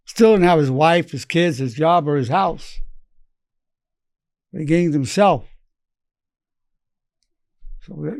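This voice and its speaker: Fairly high in pitch yet darkish in tone, this man in his eighties uses anecdotes about his patients as a psychologist to teach, quoting them in his own voice. The audio is studio quality without any room sound.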